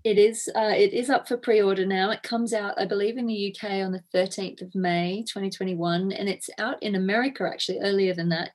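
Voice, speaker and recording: A woman guest on a podcast, chatting in a warm, rambling way. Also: mid-range voice. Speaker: guest author. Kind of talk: casual interview chat.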